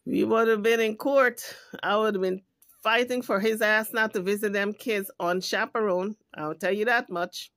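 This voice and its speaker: Heated and indignant, a woman hosting a YouTube commentary video scolds and swears frequently in her rant. She speaks at normal speed in a mid-range, fairly bright voice with fairly even intonation, and there's no room sound.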